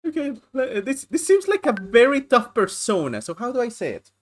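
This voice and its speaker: A woman's voice: on the high side, big pitch swings, moderate pace. A woman streamer giving casual, chatty playthrough commentary, talking to herself and to chat.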